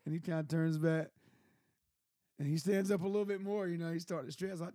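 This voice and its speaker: A man's voice: fairly high pitch, fairly even intonation, a little fast, warm tone, no echo, clean studio sound. A man telling stories in casual chat, laughing often and acting out voices.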